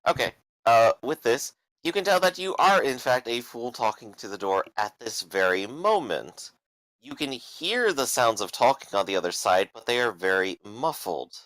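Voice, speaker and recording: A man's voice: medium pitch, animated, normal speed, a bit bright, dry recording. A man running a tabletop game as game master, describing the scene with frequent "uh" fillers.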